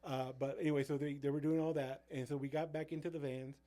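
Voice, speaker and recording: A man's voice: on the high side, flat delivery, quick pace, dark tone. A middle-aged man, a youth pastor co-hosting a casual chat and telling rambling stories full of fillers and restarts.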